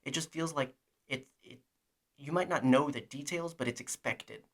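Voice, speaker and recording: A man co-hosting a podcast, talking in loose, excited rambles. He circles back on his own sentences and teases himself as he goes. His pitch sits in the middle range. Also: moderate pace. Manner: rambling, enthusiastic, self-deprecating. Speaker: podcast co-host. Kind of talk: casual chat about a TV show.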